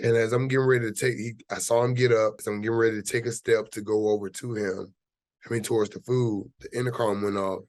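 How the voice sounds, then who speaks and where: Speaking as an interview guest, an American actor tells his story casually and easygoingly, leaning on lots of fillers. He has a lowish, slightly mellow voice with a steady tone, talks fast, and the recording has no room sound.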